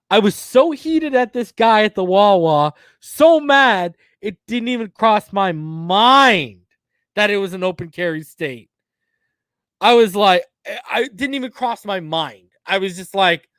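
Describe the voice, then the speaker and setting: A man in his thirties telling a long personal story on a podcast, animated and slangy with plenty of swearing. His voice sits a bit high for a man. The recording is dry and close, with no room sound. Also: measured pace, smooth, no room sound. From northern US. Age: 30s. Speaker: podcast host. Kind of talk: casual storytelling.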